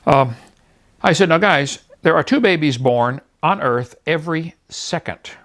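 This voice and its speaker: Gravelly, animated mocking preacher man. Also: a little high, measured pace. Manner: mocking, scornful, laughing; animated storytelling, quotes others in voices. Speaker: evangelist. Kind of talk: preaching talk.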